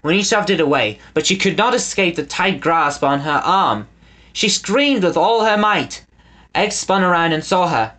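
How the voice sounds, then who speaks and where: A man reading a children's storybook aloud as the narrator, with an expressive delivery. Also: high voice, normal speed. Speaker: audiobook reader.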